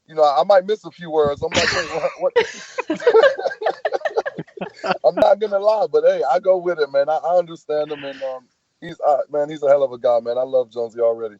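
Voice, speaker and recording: Southern guy on a podcast, mellow dark voice, dry dull audio, keeps saying man. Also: a little high, fairly even intonation, fast talker, no echo. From American South. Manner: laid-back, storytelling, says "man" often. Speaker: football player guest. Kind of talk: casual podcast chat.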